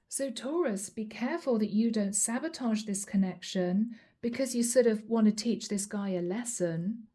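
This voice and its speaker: Chatty woman reading tarot, mellow voice. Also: fairly high pitch, normal speed. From Europe. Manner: chatty, addresses viewers as guys, acts out quoted lines. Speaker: tarot reader. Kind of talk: channeled tarot reading to camera.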